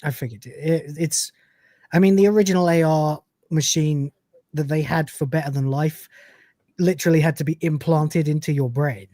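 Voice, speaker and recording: A man's voice: on the high side, fairly even intonation, normal speed, dark tone, no room sound. A man hosting a live show, chatting casually and animatedly as he retells scenes and quotes the characters. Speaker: podcast host. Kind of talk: casual chat recapping an episode.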